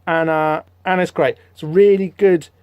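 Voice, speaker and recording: A man hosting a podcast, rambling through a comic book issue in casual, animated commentary with lots of fillers. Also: fairly high pitch, measured pace, smooth, no echo. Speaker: podcast host.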